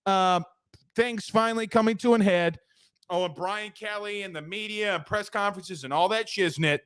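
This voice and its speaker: An energetic man runs a casual sports talk show. His voice sits a little high and sounds dry and close to the mic. He chats freely and plugs sponsors. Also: normal speed, clear, resonant tone, dry recording.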